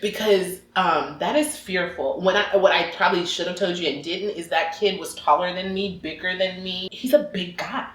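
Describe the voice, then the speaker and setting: A woman working as a behavior analyst, telling stories in an earnest, animated way during a casual conversation. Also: lowish voice, moderate pace, hardly any pauses. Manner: animated, earnest, faith-filled storyteller. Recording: roomy echoey room.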